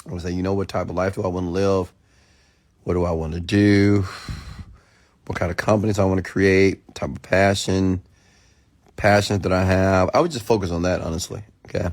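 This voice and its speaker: A man casually chatting on a late-night livestream, rambling and excitable while he reads and answers viewer comments, still getting over food poisoning. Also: sits low, normal speed. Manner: rambling, excitable, lots of restarts.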